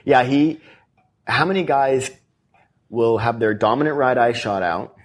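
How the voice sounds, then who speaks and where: A man's voice: medium pitch, unhurried. A man who is an author, telling stories earnestly in an interview and quoting the people in them. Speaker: author guest. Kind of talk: animated storytelling interview.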